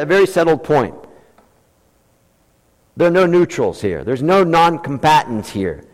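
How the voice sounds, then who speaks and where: Man preaching, emphatic, slightly high voice, echoing church hall. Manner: emphatic preaching, quotes God and scripture in animated voices. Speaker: pastor. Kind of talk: sermon. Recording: long hall reverb.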